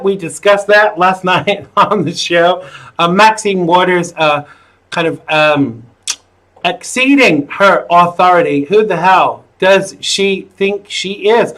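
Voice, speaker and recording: A man's voice: high-pitched, a bit bright, low-quality recording. An American man in his thirties hosting a live call-in political talk show, opinionated and full of "uh" fillers. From United States. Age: 30s. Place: home studio in the UK.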